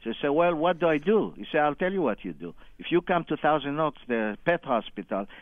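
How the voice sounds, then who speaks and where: A man on a radio call-in tells a long story, jumping into the voices of everyone in it. His voice sits a bit high for a man. The sound is dry and slightly muffled, like an older radio broadcast. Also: animated, brisk, dry recording. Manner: acts out quoted dialogue, non-standard grammar. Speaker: caller. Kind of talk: animated anecdote storytelling.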